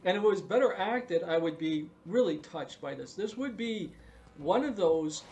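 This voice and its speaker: A man's voice: sits high, expressive, moderate pace, gravelly, darkish tone, muffled recording, a little hiss or hum. A man giving a blunt, profane, repetitive review of a TV show during a casual live stream. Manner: blunt, emphatic, profane, repeats himself.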